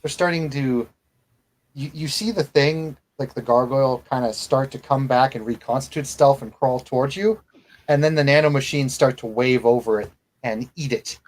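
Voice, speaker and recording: A man's voice: mid-range voice, moderate pace, rough recording. A man running a tabletop role-playing game as game master, narrating casually with fillers and restarts.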